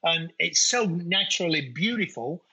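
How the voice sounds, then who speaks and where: A man's voice: on the high side, lively intonation, moderate pace, sharp tone, slightly rough, poor audio. A middle-aged man from England with a Nottingham accent, chatting colloquially as an interview guest. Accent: Nottingham English. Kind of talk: casual interview chat.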